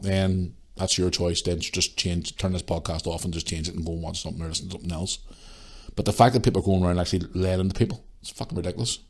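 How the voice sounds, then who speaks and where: A man's voice: deep voice, a little mellow. A man hosting a podcast, ranting in a casual monologue, exasperated and swearing freely as he retells encounters. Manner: retells encounters with quick changes of voice. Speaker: podcast host.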